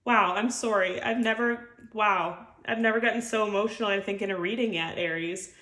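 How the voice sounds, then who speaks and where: A woman's voice: medium pitch, a little fast, pushed and bright. A woman giving an intuitive tarot reading to camera, chatty and heartfelt, full of filler words. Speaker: tarot reader. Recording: echoey room.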